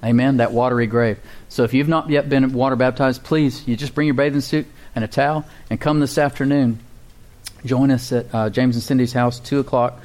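A man's voice: mid-range voice, fairly even intonation, brisk, darkish tone. A male pastor preaching a sermon and leading a prayer, with a preaching cadence and call-and-response with the congregation.

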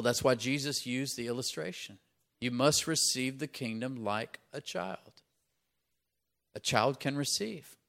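Man preaching a sermon with emphatic swells. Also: medium pitch. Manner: emphatic preaching, rising loud on key points; conversational asides with repeated "right?". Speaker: pastor.

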